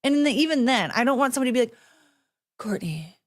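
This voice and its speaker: A woman's voice: fairly high pitch, lively intonation, very fast. Blunt, sarcastic young woman ranting. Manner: blunt and sarcastic, swears freely, laughs often. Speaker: podcast host. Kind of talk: solo casual chat, ranting to a camera.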